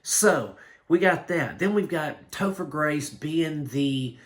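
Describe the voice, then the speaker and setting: A man giving a casual spoken film review, blunt and rambling, with animated complaints. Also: a little high, slow pace. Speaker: movie reviewer.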